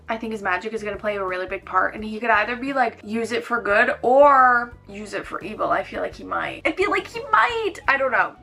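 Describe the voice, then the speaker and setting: A woman chatting casually in a reading vlog, excitable and gushing, with bursts of quick talk, filmed at home. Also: mid-range voice, gravelly. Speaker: book vlogger.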